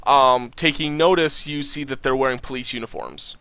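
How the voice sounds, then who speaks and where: Young male game master, bright clear voice, halting narration. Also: medium pitch, no echo. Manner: halting, many fillers and restarts.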